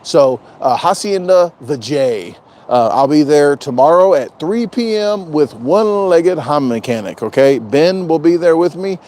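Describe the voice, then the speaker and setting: A man's voice: on the high side, lively intonation, unhurried, darkish tone. A man chatting casually on a live stream, rambling and joking, often repeating himself. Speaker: vlogger doing a live stream.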